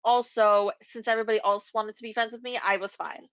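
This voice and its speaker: A young adult woman, a podcast co-host, telling a story in casual chat with animated, swearing delivery. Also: fairly high pitch, fast, no room sound. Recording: dull lo-fi recording.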